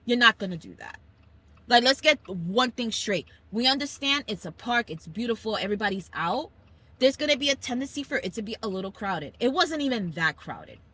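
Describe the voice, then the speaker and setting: Driving the school commute, a Brooklyn woman with a New York accent hosts a casual family podcast chat, acting out quoted people as an animated, emphatic storyteller. She speaks fairly quickly in a slightly rough voice that's a little high.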